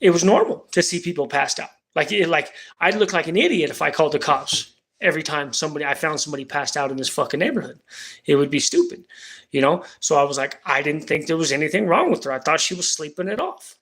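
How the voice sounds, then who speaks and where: A man spinning a long personal story on a livestream, casual and rambling. His talk is full of slang and swearing, with a voice on the higher side for a man. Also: expressive, quick pace, fairly bright tone. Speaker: livestream host.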